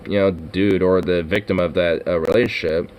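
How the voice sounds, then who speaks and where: Low-voiced man rambling casually. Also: fairly even intonation, moderate pace, darkish tone, a little hiss or hum. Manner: rambling, full of "you know" fillers, swears. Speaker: podcast host. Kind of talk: casual reaction chat.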